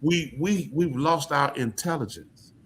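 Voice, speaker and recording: A man's voice: fairly high pitch, unhurried, fairly bright tone, a little hiss or hum. A man hosting a podcast, talking in a casual, emphatic and preachy way, often asking his listeners questions. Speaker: podcast host. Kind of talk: casual opinion talk.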